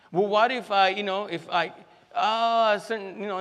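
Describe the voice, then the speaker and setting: A man with a fairly high voice, preaching in a loose, conversational way. He repeats key phrases for emphasis and leans on fillers, and his voice rings out with a long reverb in a church sanctuary. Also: steady tone, moderate pace, fairly bright tone. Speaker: pastor. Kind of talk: sermon.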